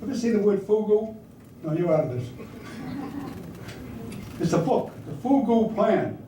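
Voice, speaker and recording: A man's voice: sits high, animated, a little slow, noisy background. An older man telling anecdotes to an audience in a conversational way, sometimes asking the listeners questions. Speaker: speaker recounting wartime service. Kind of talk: storytelling talk to an audience. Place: hall or meeting room with audience. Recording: echoey room, speaker far from mic.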